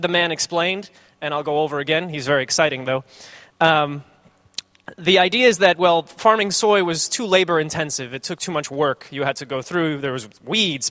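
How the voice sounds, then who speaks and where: Rambling joking male lecturer, higher voice. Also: a bit bright. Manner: rambling, jokey asides, many fillers. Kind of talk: informal classroom lecture.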